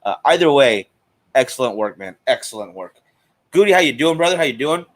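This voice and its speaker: A man's voice: medium pitch, expressive, fairly quick. A man hosting a live cigar stream in a chatty, casual way, greeting viewers by name. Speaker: host of a cigar show.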